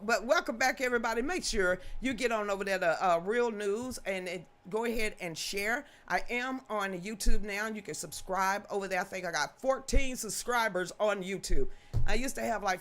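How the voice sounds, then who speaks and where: A woman, hosting a casual livestream news show, folksy and outspoken with frequent laughter. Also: mid-range voice. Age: 50s. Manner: animated, folksy, swears freely, laughs often.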